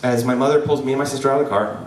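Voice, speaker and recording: A man's voice: mid-range voice, rapid-fire, a little hiss or hum. Young man telling a funny story in a hall. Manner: lively, joking, with audience asides. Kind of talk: live storytelling. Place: event hall before an audience. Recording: roomy hall, voice from a distance.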